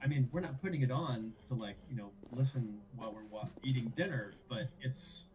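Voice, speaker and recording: A man, a game composer, chatting in an interview in a relaxed way with many fillers. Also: mid-range voice, brisk, distant mic, slight background noise, low-quality recording. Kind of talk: casual interview talk.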